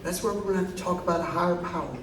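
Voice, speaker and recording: A man's voice: high voice, rapid-fire, noisy background, voice pushed down, natural voice. A man voicing a blunt, motherly woman counselor who curses and calls people pet names. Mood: doting. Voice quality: sassy, profane, doting. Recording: echoey live hall, distant mic, crowd.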